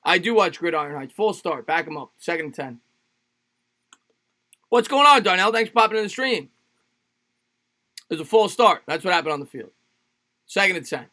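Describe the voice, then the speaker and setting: High and bright-voiced, this expressive man hosts a sports livestream, calling plays rapidly and reading chat. He greets viewers by name and stays jokey and loose, often repeating phrases.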